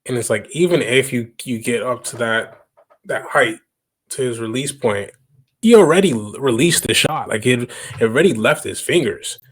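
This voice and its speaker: A man's voice: mid-range voice, animated, moderate pace, a bit bright. A young man from Canada hosting a reaction video, talking casually and emphatically, often repeating himself for stress. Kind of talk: casual commentary.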